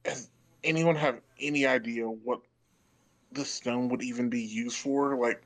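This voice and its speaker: A man's voice: medium pitch, fairly even intonation, measured pace, low-quality recording. Male player, mid voice, dry and blunt. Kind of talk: casual tabletop play.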